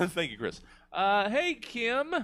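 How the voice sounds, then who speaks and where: Guy hosting a comedy show, slow and swoopy, giggles a lot and fumbles words. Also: high voice, wildly swooping pitch, fairly bright tone. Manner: laughs often, loses his words. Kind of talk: casual comedy panel chat.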